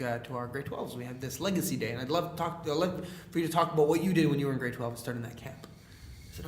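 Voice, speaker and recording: Speaking at a quick pace in a mid-range voice, a young Canadian leadership speaker recounts stories during a casual podcast interview. He acts out quoted dialogue with animation and many fillers. The audio is reverberant with a faint hiss or hum.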